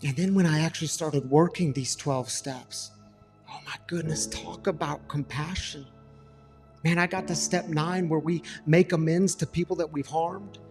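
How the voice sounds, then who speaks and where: A middle-aged man delivers a passionate sermon in a slightly high, gravelly voice. He swings between emphatic, rising questions and hushed, confessional moments. Soft music plays faintly underneath. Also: fairly even intonation, normal speed, big-room sound. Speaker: pastor.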